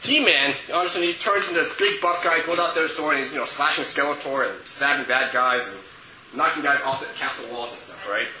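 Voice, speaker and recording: A man leads a youth group lesson in a loose, chatty way, his voice sitting a little high. He keeps checking in with the group as he talks. The recording is muffled and noisy, with plenty of room echo. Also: fast, bright, forceful tone. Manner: chatty, checks in with okay and right. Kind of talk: casual teaching to a group.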